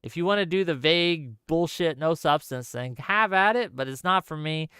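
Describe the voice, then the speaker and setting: A man hosting a political commentary livestream, talking straight to his viewers in a sarcastic, exasperated rant. His voice is bright and crisp, and the sound is dry and close with no room echo. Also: fairly high pitch, expressive, normal speed. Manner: talks straight to viewers, reads chat. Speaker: political commentary show host.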